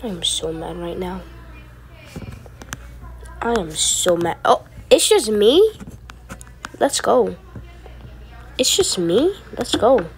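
A woman's voice: mid-range voice, sing-song, takes it slowly, long pauses. A woman giving casual gameplay commentary, chatty and easily frustrated, rambling asides to her viewers. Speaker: gaming video creator.

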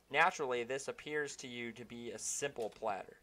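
A young man playing a video game on a live stream, reading its lines aloud with animated, joking delivery. His voice is bright and lively in tone. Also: mid-range voice, brisk. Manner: animated, jokey.

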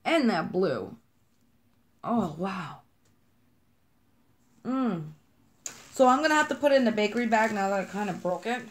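Bubbly New York woman unboxing. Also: on the high side. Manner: bubbly, rambling, self-described kooky; gushing over scents and colors. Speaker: vlogger unboxing wax melts. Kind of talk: casual chatty unboxing.

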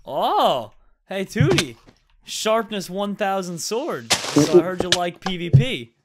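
An excitable young man talks through a game in a high, lively voice that leaps all over the place. He yelps and shouts when danger hits, on a home mic with clear noise behind him. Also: slow pace. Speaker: gaming YouTuber. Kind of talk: excited gaming commentary.

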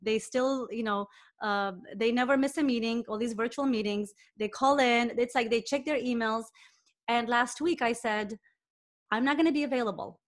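Woman, middle-aged, cardiologist guest, enthusiastic, animated, slightly high pitch. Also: moderate pace. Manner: enthusiastic, animated, quotes herself in lively voices. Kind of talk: casual interview talk.

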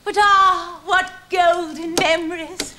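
A woman's voice: very high voice, steady tone, slow. A young actress playing a woman who theatrically begs for her lover's life, declaiming every line. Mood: pleading. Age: young adult. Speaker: guest actress in a sketch. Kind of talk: hammy melodramatic stage pleading. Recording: 1970s TV studio, audience laughter, noisy.

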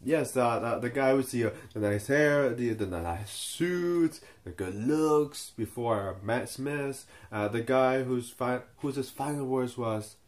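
A man's voice: medium pitch, takes it slowly, hardly any pauses. A young man giving a casual, unscripted review and stumbling over his words with many fillers and restarts. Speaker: video reviewer.

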